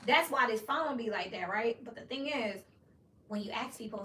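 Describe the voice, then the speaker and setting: A blunt, cursing woman talks through a casual tarot reading. Her voice is bright and forceful. She sits well back from the mic in a roomy, echoing space with a faint hiss behind her. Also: a little high, animated, moderate pace. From Memphis, USA. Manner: blunt and profane, with frequent "you know what I mean". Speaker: tarot reader. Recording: roomy echo, distant from mic.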